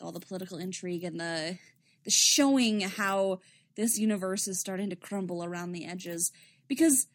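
A woman's voice: on the high side, no echo, clean studio sound. A woman in her thirties who reads podfics, chatting casually, swearing and laughing easily. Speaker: podfic reader. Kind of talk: casual chat.

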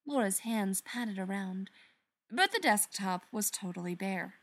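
A woman narrating a story aloud in an expressive storytelling manner. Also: mid-range voice, measured pace. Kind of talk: reading fan fiction aloud.

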